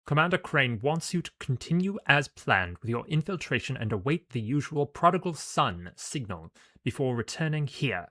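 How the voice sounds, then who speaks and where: A man's voice: mid-range voice, very animated, moderate pace, few pauses, pushed and bright, no room sound, clean studio sound, pitched above the performer's own voice. A man voicing a young soldier who speaks in clipped tones. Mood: curt. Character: young male soldier, curt and terse.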